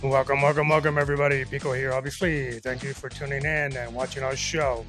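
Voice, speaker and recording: A man's voice: mid-range voice, little pitch movement, quick pace, a bit bright, soft background music. Rambling man telling a comic story. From El Paso, Texas, US. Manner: rambling, full of "you know" fillers. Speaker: podcast co-host. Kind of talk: casual comedic storytelling.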